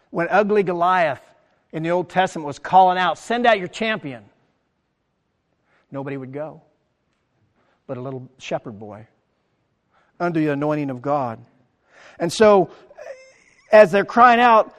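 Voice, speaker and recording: A man preaching a sermon as pastor, animated, acting out the crowd's words in his talk. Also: on the high side, measured pace, long pauses, big-room sound. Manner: animated preaching, acts out quoted crowd lines.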